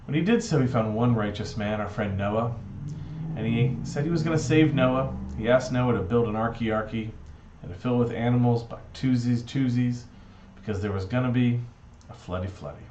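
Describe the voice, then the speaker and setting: A man's voice: mid-range voice, moderate pace, darkish tone, slight background noise. A man giving a storytelling reflection, playful and earnest. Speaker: speaker giving a Shabbat reflection. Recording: dull echoey room recording.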